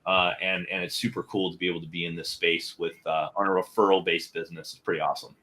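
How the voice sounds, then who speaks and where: A man's voice: sits low, flat delivery, quick pace, sharp tone, a little hiss or hum. A man speaking as a guest on a podcast, candid and emphatic, often tagging his points with "right?". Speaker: guest, chiropractic marketer. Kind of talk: casual interview chat.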